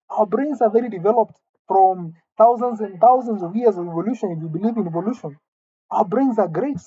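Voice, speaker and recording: A woman delivering a mock-serious comic rant, indignant and halting, often repeating her words. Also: on the high side, mellow, breathy edge, no room sound, muffled recording. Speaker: comedic vlogger.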